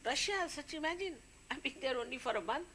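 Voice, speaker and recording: Bright-voiced woman scolding her followers. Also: high-pitched, animated, brisk, a little hiss or hum. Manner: scolding, warning, conversational with asides. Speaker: spiritual leader addressing followers. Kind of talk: informal spiritual talk.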